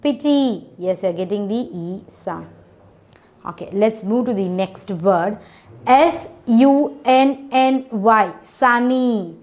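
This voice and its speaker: A woman's voice: medium pitch, expressive, takes it slowly, darkish tone. A woman teaching a children's phonics lesson, spelling out letters one by one, repeating each word and checking in with "okay".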